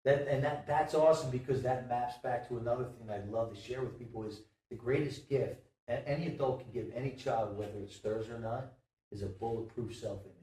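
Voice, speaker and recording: A man speaking as a guest in a motivational chat, emphatic and animated, often repeating words as he makes his point. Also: mid-range voice, brisk. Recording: roomy, distant from the mic.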